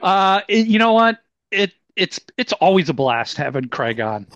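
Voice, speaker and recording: A man's voice: sits high, big pitch swings, moderate pace, a bit bright, no echo, dull audio. A man hosting a podcast in a casual, upbeat chat, often stumbling over his words. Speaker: podcast host.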